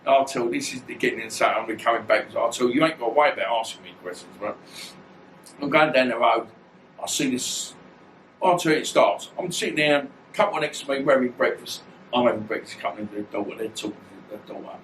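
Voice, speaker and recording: A man in his 50s, a former boxer appearing as an interview guest, tells casual stories in a blunt, rambling, slangy manner. His mid-range voice is fast and a bit bright. The distant mic picks up a roomy echo, faint ambience, and slight background noise.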